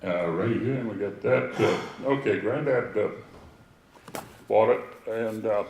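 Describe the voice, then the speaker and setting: Older man, low gravelly voice, anecdotal storyteller heard from afar in a roomy space. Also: takes it slowly, darkish tone, slight background noise. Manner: rambling anecdotal storytelling with asides. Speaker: speaker telling family history. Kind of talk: storytelling talk to a gathering. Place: outdoor history event with audience. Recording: echoey, distant from the mic.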